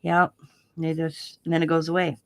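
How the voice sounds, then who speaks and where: A woman's voice: deep voice, monotone, fairly quick, no room sound. A woman hosting a casual craft live stream, chatting and telling stories in a rambling way while she works. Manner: rambling, chatty storytelling with laughs. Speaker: craft channel host.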